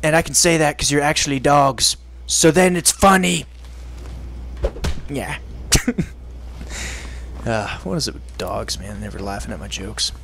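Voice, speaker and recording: A man giving joking let's-play commentary, partly in character, often laughing and yelling at enemies. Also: mid-range voice, unhurried, vocal fry, pauses often, noisy background. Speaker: gaming video creator.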